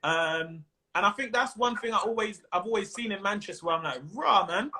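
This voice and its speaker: A man in his thirties with a London accent, a comedian chatting casually on a video call, animated and quick to mimic other voices. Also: high-pitched, a little hiss or hum. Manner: animated, slips into mimicked voices and laughs often. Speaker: comedian guest. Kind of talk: casual chat.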